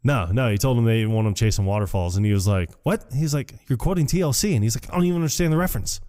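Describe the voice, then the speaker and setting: A man talks through a film scene by scene, jumping into the characters' lines as he goes. His voice sits a little low and sounds mellow and warm. The talk is loose and chatty, full of laughs. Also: animated, fast. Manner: retells scenes animatedly, acting out quotes with laughs. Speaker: podcast co-host. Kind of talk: casual movie recap chat.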